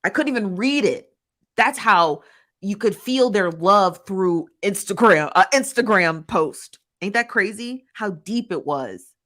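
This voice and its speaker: Animated woman chatting to viewers. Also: medium pitch, measured pace. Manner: animated, laughing, talks straight to viewers with "honey" and "child". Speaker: commentary host reading live chat. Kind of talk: casual live-stream commentary.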